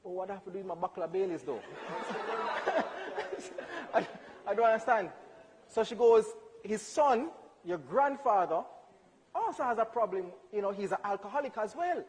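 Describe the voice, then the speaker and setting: A young man with a high voice tells a personal story to a church crowd. He swings his voice widely, acting out dialogue and laughing along. A long hall reverb trails his words. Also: lively intonation, a little fast, darkish tone. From Jamaica. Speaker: church speaker. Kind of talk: storytelling testimony.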